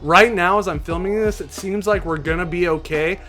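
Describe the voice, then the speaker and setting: A young man casually reacting to sports moments in an animated, indignant way, acting out players' quotes. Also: high voice, moderate pace, soft background music. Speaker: sports vlogger.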